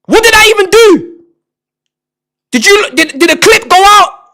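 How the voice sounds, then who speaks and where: A man, chatting live on stream to his viewers, excitable, repeating and stumbling over words, sometimes shouting. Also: a little slow. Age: 20s. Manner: shouts in bursts, then drops to low mutters. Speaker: livestreamer.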